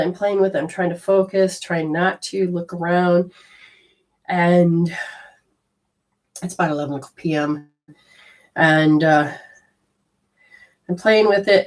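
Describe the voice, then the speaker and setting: A woman telling a personal story in a casual, animated way, swearing freely and acting out her own panic. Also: lowish voice.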